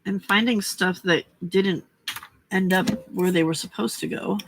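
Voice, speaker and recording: A middle-aged woman hosts a cozy late-night crafting stream from her home, chatting at an unhurried pace. Her voice is bright and forward. She drifts from stories to remarks to her cats and viewers. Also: lowish voice, fairly even intonation, a little hiss or hum. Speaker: craft livestream host.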